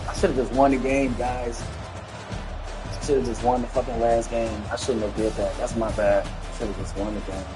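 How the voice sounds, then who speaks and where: A man streaming a football video game, talking casually and profanely to his chat, swinging between loud outbursts and low muttering. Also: level tone, moderate pace. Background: game music.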